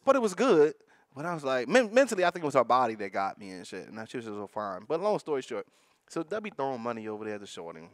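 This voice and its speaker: A man from North Philadelphia with a Philadelphia accent, co-hosting a podcast and telling stories in an animated way, laughing and full of slang. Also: mid-range voice, fast, no room sound. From North Philadelphia, USA. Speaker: podcast co-host. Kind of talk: casual storytelling chat.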